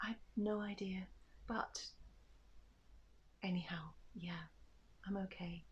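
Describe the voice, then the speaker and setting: An older woman speaking softly and haltingly in a personal vlog, grieving and often dropping to a breathy near-whisper. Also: medium pitch, low-quality recording. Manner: soft, halting, breathy at times. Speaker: vlogger.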